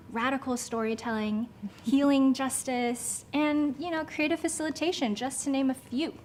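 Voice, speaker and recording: A woman's voice: a little high, a little hiss or hum. A woman co-hosting a community event, chatty and upbeat, laughing often. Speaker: event co-host. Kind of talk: casual live event hosting.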